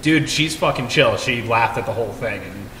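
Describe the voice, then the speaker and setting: A man's voice: medium pitch, moderate pace, sharp tone, a little hiss or hum. A man co-hosting a podcast, telling a story casually and joking between laughs. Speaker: podcast co-host. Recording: echoey room with long reverb.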